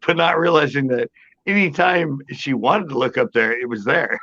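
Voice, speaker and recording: On a podcast panel, a man chats casually and tells a story as an animated storyteller, laughing a lot and acting out quoted voices. His voice is medium-pitched at a moderate pace, and the recording is muffled.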